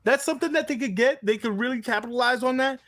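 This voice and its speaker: A man co-hosting a casual gaming podcast, joking and swearing through animated banter. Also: very high-pitched, fast, no room sound, studio quality. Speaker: podcast co-host.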